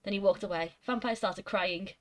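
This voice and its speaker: A woman's voice: medium pitch, moderate pace. A woman reading a fan fiction aloud for laughs, giggling as she goes and playing up the quoted lines. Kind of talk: comedic dramatic reading.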